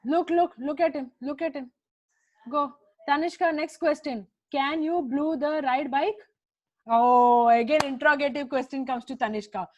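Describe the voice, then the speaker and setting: A woman with a high voice and an Indian English accent teaches English grammar to children over a video call. She presses them along briskly and repeats her prompts again and again.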